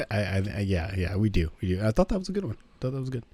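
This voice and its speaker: A young man co-hosting a podcast in casual chat, rambling and halting as he searches for words. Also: on the low side, very animated, dark tone, husky, no room sound. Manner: rambling, halting, full of restarts. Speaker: podcast co-host.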